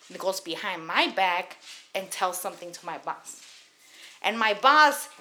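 A woman's voice: mid-range voice, lively intonation, a little slow, bright, forceful tone, slight background noise. A woman in her thirties from Los Angeles, telling a heated, profane story on a casual podcast. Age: 30s. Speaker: podcast host.

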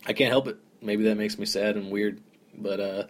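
A young man hosting a solo podcast, rambling casually with lots of "like" and "dude", in a relaxed, conversational way. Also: lowish voice, normal speed. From American South. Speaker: podcast host.

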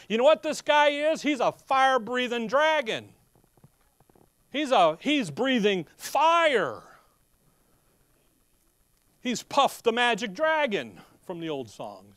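A middle-aged man preaching a sermon in a folksy, animated way, reading scripture slowly and loudly between casual asides. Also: very high-pitched, no echo.

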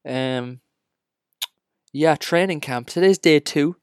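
A man's voice: fairly high pitch, slow pace, clean tone, no room sound, clean studio sound. Ranting Irish man hosting a podcast. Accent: Irish, Cork. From Ireland. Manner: ranting, excitable, jokey. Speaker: podcast host. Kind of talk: solo podcast chat.

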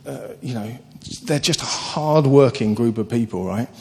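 A man preaching a sermon, earnest and animated, telling stories with sudden lifts in his voice. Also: medium pitch, moderate pace. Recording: long hall reverb.

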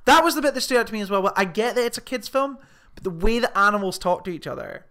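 A man chatting casually, animated and sweary as he rants about a film. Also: sits high, fast talker. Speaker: film podcast co-host. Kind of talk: casual chat.

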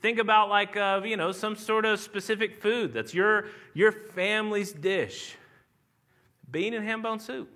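A pastor preaching a sermon in an earnest, conversational way with a regional Southern American accent, restarting phrases and swelling into emphatic lines. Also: male voice, high voice, measured pace, bright, forceful tone. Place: church sanctuary.

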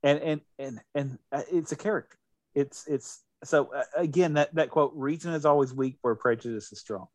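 A man co-hosting a casual podcast chat, talking in an animated way with many restarts. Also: on the high side, normal speed, no room sound. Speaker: podcast co-host.

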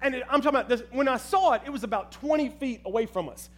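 A man preaching a sermon, telling a personal story in an animated way and talking straight to the crowd. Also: very high voice, fast talker. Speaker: pastor.

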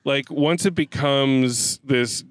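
A man co-hosting a podcast, chatting casually about a movie in an animated, laughing way and swearing freely. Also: mid-range voice, takes it slowly, clear, resonant tone, dry recording. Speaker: podcast co-host. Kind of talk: casual movie review chat.

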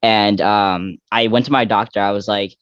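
A man's voice: fairly low pitch, steady tone, moderate pace, fairly bright tone, clear, resonant tone, no echo. A young man from Texas, a guest athlete talking casually in an interview, rambling with many fillers and restarts. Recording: dull lo-fi dry recording.

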